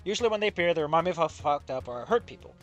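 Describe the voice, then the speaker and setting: A let's play commentator with a mid-range voice and lively intonation races through sarcastic, exasperated commentary on a visual novel, often laughing at its writing. Faint music plays behind him.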